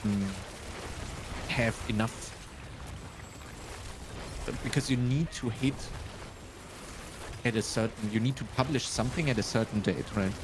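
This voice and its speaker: A man with a German accent in casual live-stream chat, reasoning his way through things out loud. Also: medium pitch, measured pace, long pauses, background noise. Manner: thinks aloud, working things out step by step. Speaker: streamer and host.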